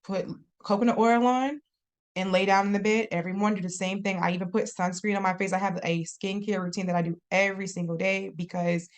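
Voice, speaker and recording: A young adult woman chatting casually as a podcast guest, expressive and quick to laugh. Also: mid-range voice. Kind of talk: casual interview chat.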